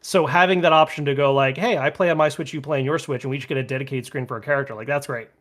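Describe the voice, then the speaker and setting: A man's voice: medium pitch, steady tone, racing, fairly bright tone. A man co-hosting a video game podcast, chatting casually and rambling with lots of filler words. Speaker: podcast co-host. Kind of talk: casual chat.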